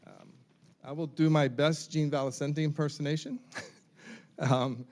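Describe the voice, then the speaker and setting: A man's voice: fairly high pitch, steady tone, a little slow, pauses often, darkish tone. Man moderating a university panel. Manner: reads names and titles, um-filled. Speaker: forum moderator. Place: university event hall.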